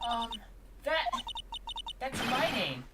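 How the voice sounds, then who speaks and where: A streamer voicing a sweet, anxious young woman in a high, breathless voice. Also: sing-song, extremely slow, far from the mic, very noisy. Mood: confused. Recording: loud game music, voice set back from mic.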